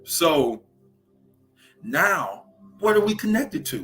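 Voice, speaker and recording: A young man with a Louisiana Southern accent hosts a spiritual livestream, unhurried and preachy, often pausing to ask his viewers "right?". His pitch sits at an ordinary middle level while he stretches out his words. Soft music plays faintly behind him.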